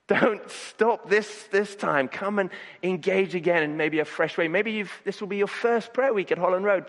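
A man's voice: high-pitched, fairly bright tone, in a large hall. A man preaching a sermon, earnest, often repeating words as he starts a sentence. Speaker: pastor.

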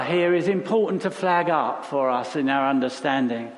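A man's voice: on the high side, a little slow, few pauses. A man preaching a sermon in a conversational way, asking rhetorical questions and repeating phrases for emphasis. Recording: long reverb of a large hall.

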